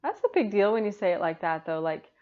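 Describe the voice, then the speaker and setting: A woman's voice: mid-range voice, lively intonation, fast talker. A woman co-hosting a podcast in casual, reflective conversation, talking it through with plenty of "like" fillers. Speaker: podcast co-host. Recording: muffled lo-fi recording.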